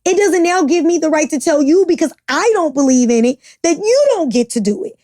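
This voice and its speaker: A woman's voice: high-pitched, lively intonation, brisk, warm tone, no echo, studio quality. A woman co-hosting a podcast, arguing her views in blunt, passionate casual talk with free swearing. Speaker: podcast co-host. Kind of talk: casual opinionated chat.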